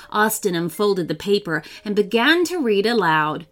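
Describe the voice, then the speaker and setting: Lively woman reading a children's story. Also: mid-range voice, moderate pace, hardly any pauses, faint music behind. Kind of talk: scripted storybook narration.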